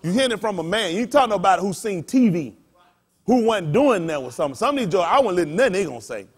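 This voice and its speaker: A man, a pastor, preaching a sermon through folksy personal stories, shouting and laughing as he goes. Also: sits high, very animated, quick pace, husky. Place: congregation hall.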